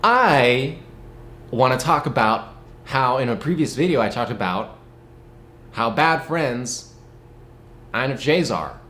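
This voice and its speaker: Animated young man ranting playfully. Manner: playful, mock-dramatic, jumps between loud outbursts and low asides. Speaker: vlogger. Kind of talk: casual animated vlog rant. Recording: echoey room with faint noise.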